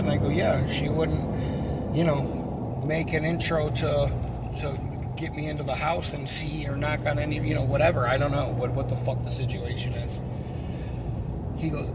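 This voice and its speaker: A man's voice: fairly high pitch, normal speed, very noisy. A man who works in pest control, telling a work story in a casual, profane, exasperated way.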